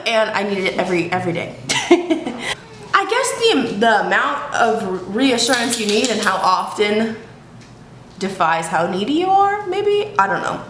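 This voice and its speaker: A woman's voice: medium pitch, fairly bright tone. A woman vlogging to camera at home in a casual chat, frank and profane, laughing often. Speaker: YouTube vlogger. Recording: echoey room, faint background hiss.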